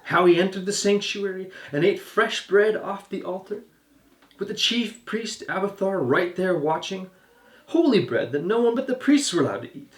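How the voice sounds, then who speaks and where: A man voicing a clever, calm male teacher who answers critics with pointed questions. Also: mid-range voice, slow pace, long pauses, echoey room.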